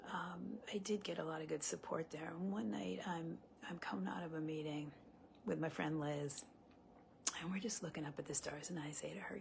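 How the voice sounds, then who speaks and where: A woman's voice: sits low, fairly even intonation, moderate pace, vocal fry, slight background noise. A woman relationship coach talking earnestly and conversationally to her viewers, with many fillers and restarts. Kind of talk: live coaching talk to viewers.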